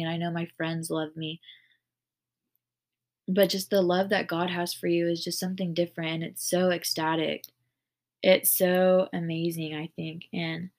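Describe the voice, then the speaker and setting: A woman with a low-leaning voice and vocal fry hosts a casual faith podcast. She's earnest and rambling, using "like" constantly.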